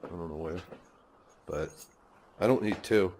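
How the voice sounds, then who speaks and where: A man's voice: deep voice, measured pace, a little mellow, a little hiss or hum. A man vlogging casually in his garage, swearing easily and chuckling as he talks into a handheld phone. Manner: swears casually, laughs often. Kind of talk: casual rambling vlog. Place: home garage. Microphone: phone camera held by hand.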